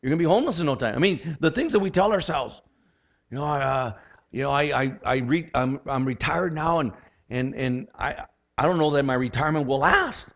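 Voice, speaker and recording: A man's voice: fairly high pitch, brisk. A man in his sixties, a pastor preaching a conversational, humorous sermon full of rhetorical questions. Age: 60s. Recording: lo-fi dull sound.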